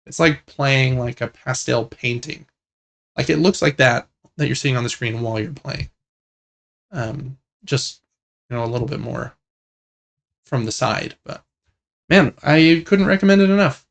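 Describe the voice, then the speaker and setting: A man co-hosting a gaming podcast, chatting casually in a relaxed, rambling way with lots of fillers. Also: mid-range voice, unhurried, creaky, pauses often. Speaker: podcast co-host. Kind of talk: casual chat about video games.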